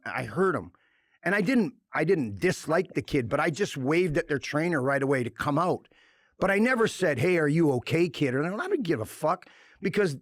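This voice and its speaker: A middle-aged former hockey enforcer, appearing as a guest on a podcast, chats casually and bluntly, swearing a lot and telling stories with animation. His voice is on the high side, captured in a dry, studio-quality recording.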